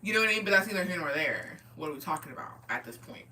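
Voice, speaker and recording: Woman streamer, profane and animated, tense bright voice sitting back from the mic. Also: low-pitched, very fast, recorded from a distance, slight background noise. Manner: profane, animated, reacting to chat. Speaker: streamer reading chat. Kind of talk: casual storytelling chat.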